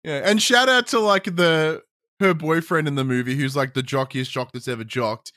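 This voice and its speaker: A man with an Australian accent, a guest on a gaming podcast, talking in an animated, rambling way with many fillers. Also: fairly high pitch, normal speed, no room sound, clean studio sound. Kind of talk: casual podcast chat.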